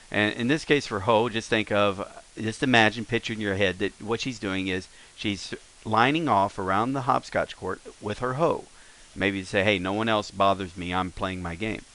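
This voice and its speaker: A man's voice: deep voice, fairly bright tone, rough recording. A man teaching a casual recorded lesson, explaining in a rambling way with many fillers and self-corrections.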